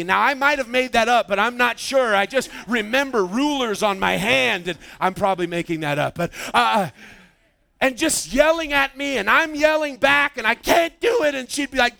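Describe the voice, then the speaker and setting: A man preaching a sermon, telling a story with lively acted-out quotes. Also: extremely high pitch, vocal fry, no room sound. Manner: animated storytelling, acts out quoted voices. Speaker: pastor.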